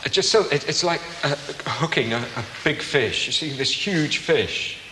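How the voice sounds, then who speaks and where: A male director coaches an actor at rehearsal, coaxing and feeling for words as he talks. The room is roomy and echoey, with a long tail to the sound and clear noise behind it. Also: fairly high pitch, animated, normal speed. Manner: coaxing, fumbling, fond of images. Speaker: stage director. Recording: roomy, noisy rehearsal hall.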